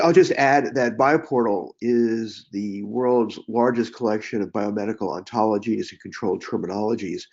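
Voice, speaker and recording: A man explaining a technical point as a webinar panelist, measured and explanatory, with some restarts. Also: fairly low pitch, a little mellow. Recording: dull lo-fi online call audio.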